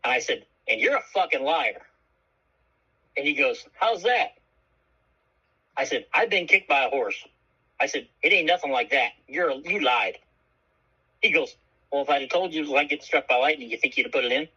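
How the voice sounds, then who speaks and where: A man co-hosting a radio show tells a story with a bright, edgy, slightly husky voice, cursing freely and acting out each person he quotes. The broadcast sound is dull and muffled. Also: a little high, moderate pace, pauses often. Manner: animated, profane, acts out quoted voices. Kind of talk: casual storytelling chat.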